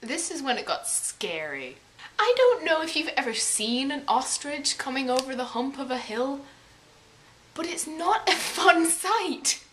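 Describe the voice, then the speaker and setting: A young woman telling a story to the camera in casual, dramatic bursts, swearing and sometimes yelling. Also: high-pitched, big pitch swings, a little slow. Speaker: vlogger.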